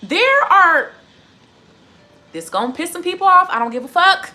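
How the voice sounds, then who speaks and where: A woman's voice: extremely high pitch, animated, fast, pushed and bright. A woman in her twenties, a tarot reader chatting live to her viewers in a casual, profane, heated rant. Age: 20s. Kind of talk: casual livestream chat.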